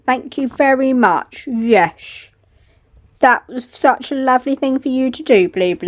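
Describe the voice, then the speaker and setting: A woman talking to her pet cat in cooing baby talk. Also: high-pitched. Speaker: vlogger.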